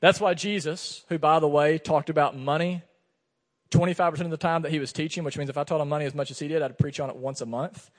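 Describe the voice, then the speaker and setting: A pastor with a fairly high, fast voice preaches a sermon in a church sanctuary, telling a personal story and acting out the dialogue with animation. The recording carries a long hall reverb.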